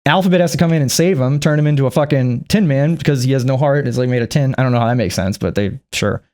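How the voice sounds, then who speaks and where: A man's voice: medium pitch, fast, a little mellow. A man vlogging a rambling movie recap, profane and chuckling often.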